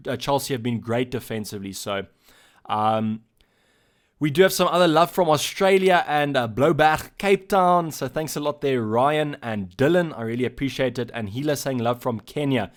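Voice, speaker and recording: A South African man hosts a relaxed live stream from his own channel. He reads viewers' chat messages aloud and answers each in turn. His delivery is loose and halting, at an ordinary mid pitch for a man.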